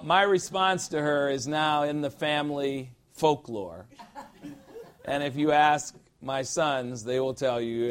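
A man's voice: mid-range voice, clear, resonant tone. A middle-aged man preaching a conversational sermon as pastor, informal and emphatic, repeating phrases for effect.

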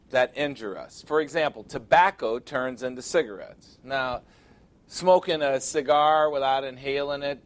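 A man's voice: mid-range voice, fairly bright tone. A middle-aged man preaching a sermon, reading scripture aloud and pressing his points with rhetorical questions. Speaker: pastor.

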